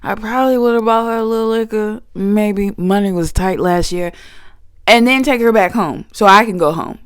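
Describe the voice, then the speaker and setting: A young woman telling a storytime vlog, animated and slangy, talking straight to her viewers. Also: medium pitch, moderate pace, clean tone, dry recording, studio quality. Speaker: vlogger.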